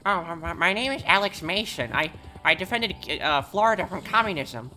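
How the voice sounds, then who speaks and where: Brief: a boastful, quavering old veteran, done by a man with a pitch pushed up high. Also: animated, moderate pace, bright, forceful tone, soft background music, exaggerated voice, low-quality recording. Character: elderly male veteran, boastful.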